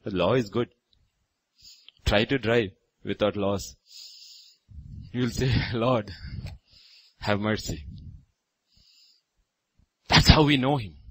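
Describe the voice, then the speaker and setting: A man's voice: medium pitch, measured pace, long pauses, no echo, low-quality recording. Emphatic man preaching a sermon. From India. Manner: emphatic, with sudden loud rises on repeated phrases. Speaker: pastor. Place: church.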